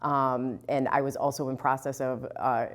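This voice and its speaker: A woman who directs a housing coalition, speaking in a measured, reflective way in a documentary interview. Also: very deep voice, steady tone.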